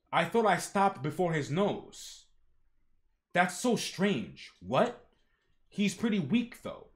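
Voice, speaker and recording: On a live reaction stream, a young man reads a webtoon's panels aloud, breaking in with slangy comments. His high voice swings widely in pitch, and he takes his time over the lines.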